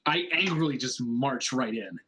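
Casting: bright, sharp-toned male player, blustery in-character bits. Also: medium pitch, expressive, moderate pace, slight background noise, low-quality recording. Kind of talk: playing a character in a tabletop game.

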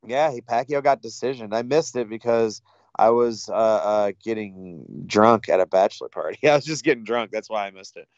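A man's voice: lowish voice, normal speed, darkish tone, no room sound, lo-fi sound. A man co-hosting a casual podcast, chatting in a joking, wry way and laughing often. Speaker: podcast co-host. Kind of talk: casual wrestling podcast chat.

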